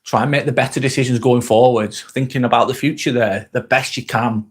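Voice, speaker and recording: A man's voice: medium pitch, steady tone, brisk, slightly rough. A man hosting a live motivational vlog, chatting bluntly and casually with viewers, swearing freely and repeating his points for emphasis. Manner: talks while eating a snack. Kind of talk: live motivational chat reading viewer comments.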